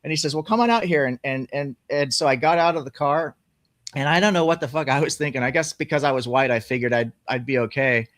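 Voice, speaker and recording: A man's voice: mid-range voice, fast talker, no room sound. Guy telling a wild story, lots of swearing, dry close sound. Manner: profane, animated storytelling. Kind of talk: casual storytelling.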